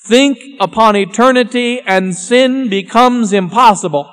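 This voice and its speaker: High-voiced preacher in a reverberant church. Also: male voice, a little slow, clear, resonant tone. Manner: grave, solemn, swings from raised to hushed. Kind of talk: sermon. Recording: long church reverb with faint music.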